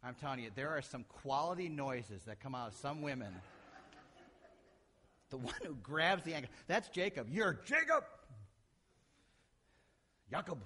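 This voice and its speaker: A middle-aged man preaching a sermon as a pastor, animated, acting out quotes and shifting from loud to soft. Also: medium pitch, normal speed, pauses often.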